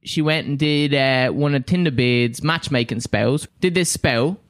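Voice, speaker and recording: A woman's voice: very deep voice, a little slow, no echo, clean studio sound. A man voicing a weary small woman who hires adventurers. She talks in exasperated rambles and keeps tagging on "right?". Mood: exasperated rambling.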